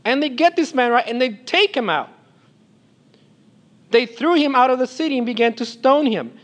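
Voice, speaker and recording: A man preaching a sermon, reading passages aloud and explaining them, swinging between loud emphasis and quiet asides. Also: extremely high pitch, expressive, normal speed.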